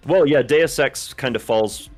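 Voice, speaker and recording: A man co-hosting a podcast in casual chat, talking in a thoughtful, detailed way and pausing to search for names. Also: medium pitch, soft background music. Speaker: podcast co-host.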